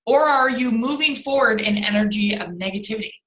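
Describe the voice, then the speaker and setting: A woman's voice: on the high side, fairly quick, a bit bright, roomy sound, poor audio. A young adult woman leading a motivational team call on a video call, speaking emphatically and repeating lines for stress. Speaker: team leader.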